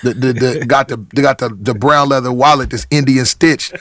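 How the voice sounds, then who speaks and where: A man's voice: mid-range voice, fairly even intonation, normal speed, fairly bright tone, no echo, clean studio sound. A middle-aged man from Portland, a rapper talking as a podcast guest in casual chat, telling stories with many restarts and acted-out quotes. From Portland, Oregon.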